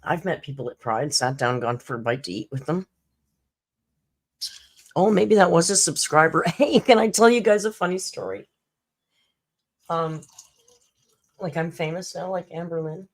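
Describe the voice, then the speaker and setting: Low-voiced chatty woman host. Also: expressive, moderate pace, pauses often. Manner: chatty storytelling, frequent laughs, acts out other people's lines. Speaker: YouTube commentary host. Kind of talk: casual live-stream chat.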